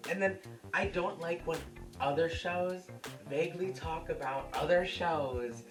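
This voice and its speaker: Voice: medium pitch, a little slow, far from the mic. Brief: brash, chatty home cooking host projecting to the camera mic from across an echoey kitchen, music under it. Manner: loud projected voice, profane, chatty. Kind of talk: casual cooking show chat. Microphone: camera's built-in mic.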